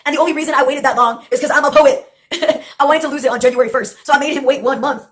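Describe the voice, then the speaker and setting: A woman's voice: sits high, steady tone, quick pace. A woman in her late twenties telling a rambling, profane personal story with sardonic asides and laughs mid-sentence. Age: late 20s.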